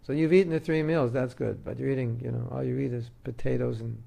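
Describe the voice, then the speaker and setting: Gravelly-voiced man giving a devotional talk. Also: medium pitch, steady tone, fast, dark tone. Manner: conversational, joking, uses homely examples. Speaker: spiritual teacher.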